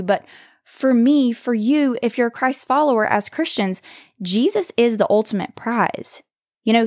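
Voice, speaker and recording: A woman hosting a faith podcast, speaking earnestly and reassuringly, slowing down to stress scripture. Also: a little high, darkish tone, no echo, clean studio sound. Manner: earnest, reassuring, reads scripture slowly with emphasis. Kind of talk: devotional encouragement talk.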